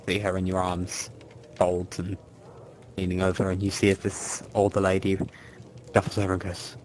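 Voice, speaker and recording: Low-voiced man narrating a tabletop game. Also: completely flat delivery, fairly quick. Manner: loose, filler-heavy narration. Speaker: game master.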